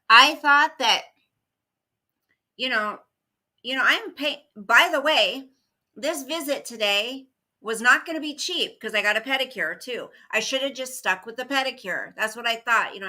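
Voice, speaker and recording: A middle-aged woman hosts a casual livestream, chatting with viewers in a bright, forceful voice that sits on the high side at a moderate pace. She rambles through a story and greets viewers by name as they arrive.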